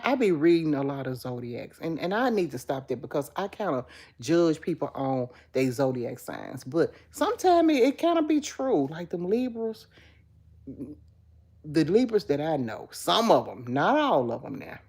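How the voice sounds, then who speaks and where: Chatty woman with a low, mellow voice. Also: breathy edge. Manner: chatty, affectionate, answers viewer comments. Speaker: livestream host. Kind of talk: casual live chat with viewers.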